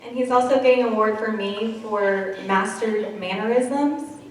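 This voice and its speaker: A woman's voice: fairly high pitch, moderate pace. A woman teacher from Kansas giving out school awards in a chatty, emotional way, with laughing asides. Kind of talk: award ceremony speech. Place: school gym or hall. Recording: echoey hall, mic far off.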